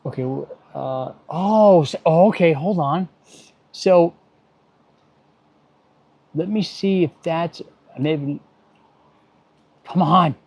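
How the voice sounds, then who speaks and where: A man's voice: fairly high pitch, slow pace, long pauses, darkish tone. A middle-aged man, an automotive technician, chatting casually on a livestream while he works, muttering and getting irritated, with dry jokes. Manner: muttering, easily irritated, joking. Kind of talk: livestream chat while working. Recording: dull lo-fi stream audio.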